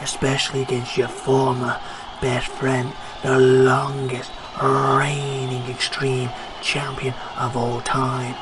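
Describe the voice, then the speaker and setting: A man voicing a smug male wrestler who talks down to rivals slowly and quietly, sometimes in a whisper. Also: mid-range voice, very noisy, lightly acted.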